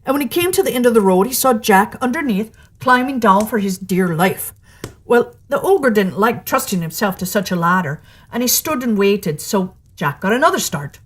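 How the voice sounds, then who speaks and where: Woman storyteller, lively read-aloud fairy tale narration. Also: mid-range voice, moderate pace, breathy edge.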